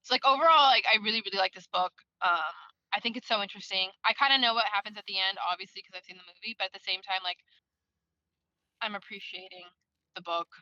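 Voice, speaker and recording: Bright-voiced woman rambling and cursing on a call while driving, kinda lo-fi. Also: medium pitch, quick pace, no room sound. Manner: rambling, swears a lot, lively. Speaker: book club member. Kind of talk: casual chat.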